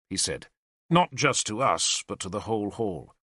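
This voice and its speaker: A man's voice: fairly low pitch, expressive, normal speed, sharp tone, husky, no echo, studio quality. A man narrating a historical novel in the first person with dramatic storytelling. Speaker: audiobook narrator.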